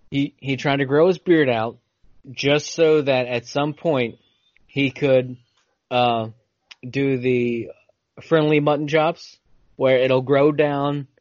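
A man's voice: mid-range voice, a little mellow, no room sound, muffled recording. A man co-hosting a podcast in casual banter, telling rambling stories and teasing his co-host.

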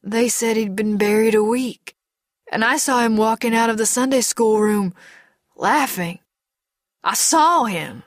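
A woman voicing a big, grief-stricken older man who talks in a heavy, halting way. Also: fairly low pitch, fairly bright tone, dry recording, clean studio sound. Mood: lost.

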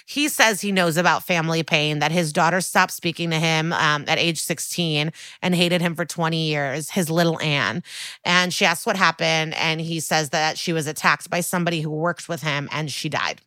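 A woman's voice: sits low, moderate pace, no echo. A woman co-hosting a podcast, recapping a TV episode in casual chat and acting out the characters' lines with lots of "like.". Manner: animated storytelling, acts out quotes, many "like"s. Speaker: podcast co-host.

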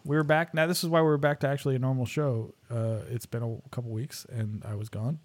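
A man's voice: medium pitch, flat delivery, fairly quick, a little mellow. A man co-hosting a podcast in casual chat, joking and laughing often. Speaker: podcast co-host.

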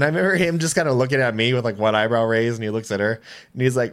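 A man in his late twenties, a podcast guest, telling casual stories with animated delivery, acting out quoted dialogue and swearing freely. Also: medium pitch, rapid-fire. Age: 20s. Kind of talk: casual storytelling.

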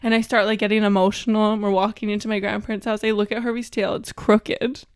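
A woman's voice: medium pitch, flat delivery, fast talker, clear, resonant tone, no echo, clean studio sound. A young woman co-hosting a podcast, telling stories in a chatty way with lots of fillers and giggles. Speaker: podcast co-host. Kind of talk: casual chat.

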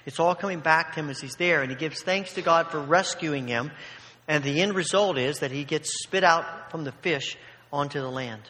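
A man's voice: on the high side, moderate pace, sharp tone, big-room sound. A man preaching a sermon in a conversational way, with humorous asides.

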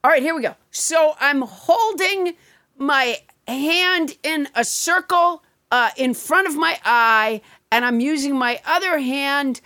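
High, bright-voiced wry woman host. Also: slow pace, dry recording, studio quality. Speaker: podcast host. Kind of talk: comedic podcast banter.

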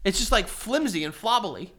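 A man co-hosting a casual podcast chat, loud and animated, swearing freely and breaking into loud laughter. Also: sits high, moderate pace, breathy edge. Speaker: podcast co-host.

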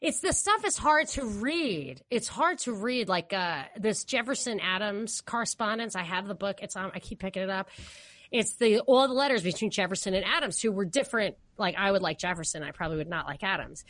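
A woman's voice: medium pitch, animated, a little fast, fairly bright tone, no room sound. A woman from New York with a New York accent, chatting casually on a podcast, rambling and laughing often. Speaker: podcast co-host. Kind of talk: casual political chat.

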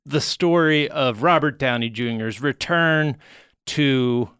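A man with a smooth, resonant voice hosts a relaxed comedy podcast. He explains things at length, with plenty of "uh" pauses. His voice sounds dry and close on a studio mic. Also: medium pitch, dry recording. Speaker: podcast host. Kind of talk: casual comedic chat.

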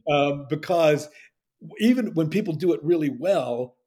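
A man, a dialect coach telling stories in a relaxed interview and acting out the lines he quotes. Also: a little high, measured pace. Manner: animated storyteller, acts out quotes. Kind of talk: conversational interview.

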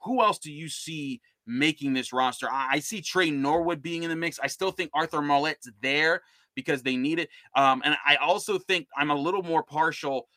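A man's voice: fairly high pitch, normal speed, pushed and bright, no room sound. A man hosting a casual sports podcast, talking through football roster picks in a conversational way, with frequent restarts. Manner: conversational, many restarts and fillers. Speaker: podcast host and NFL analyst.

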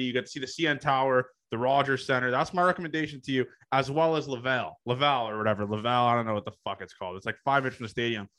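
Young male host, bright tense voice, blunt and profane. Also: mid-range voice. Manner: blunt and profane, drawn-out phrasing. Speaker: podcast host. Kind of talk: casual podcast chat.

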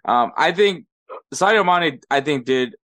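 A man hosting a sports podcast, recapping league results in a measured, methodical way. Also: on the high side, lively intonation, a bit bright, no echo. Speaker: podcast host.

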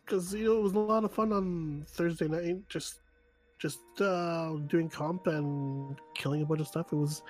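A man co-hosting a casual gaming podcast, enthusiastic and a little rambling. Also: a little high. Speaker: podcast co-host.

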